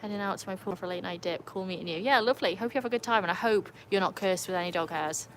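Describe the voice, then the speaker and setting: Talking very fast in a mid-range voice, this woman hosts a casual livestream from her home with a pool and greets viewers by name. Her accent combines Birmingham and North Wales English, from England and North Wales. A little hiss or hum runs through the low-quality recording.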